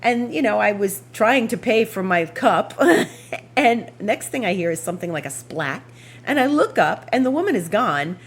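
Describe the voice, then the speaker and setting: A woman hosting an astrology show, telling a rambling, animated story with frequent laughs and asides. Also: mid-range voice, brisk, husky. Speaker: astrology podcast host. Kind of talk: casual anecdotal storytelling.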